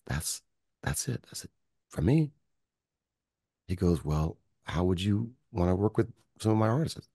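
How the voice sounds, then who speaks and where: A man from Michigan telling his story as an interview guest, and his low voice has a gravelly, husky grain. He acts out the people he quotes with a lively, rising and falling pitch. The recording is close and dry. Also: moderate pace, long pauses, dry recording. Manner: animated storyteller acting out quotes. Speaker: guest, music producer.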